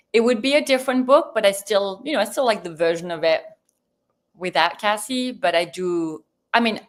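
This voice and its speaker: Woman, guest author on a video call, lots of ums and restarts. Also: medium pitch. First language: French. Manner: chatty, rambling, with many fillers and restarts. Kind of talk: livestream Q&A conversation.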